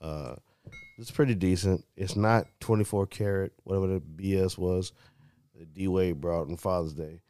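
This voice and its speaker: A man co-hosting a beer podcast, talking in relaxed, blunt casual chat and plugging events. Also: deep voice, moderate pace, no room sound, clean studio sound. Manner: relaxed, blunt, promo-style wrap-up. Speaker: podcast co-host.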